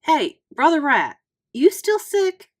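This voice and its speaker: A woman's voice: high voice, wildly swooping pitch, takes it slowly, pitched above the performer's own voice, full character voice. A woman voicing a fourth-grade boy trying to act tough, talking with a breezy, swaggering cool, in a storybook read-aloud. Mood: bragging.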